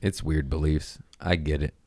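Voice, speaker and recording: A man with a deep, low voice hosts his podcast alone, riffing in a casual, crude way and laughing at himself. The sound is dry and close, with no room echo. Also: level tone, moderate pace, a little mellow. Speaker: podcast host. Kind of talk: casual solo podcast monologue.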